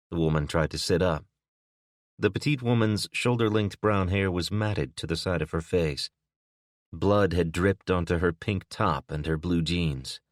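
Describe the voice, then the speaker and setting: A man narrating an audiobook in a steady, even manner. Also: low-pitched, unhurried, dry recording, studio quality. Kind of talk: scripted narration.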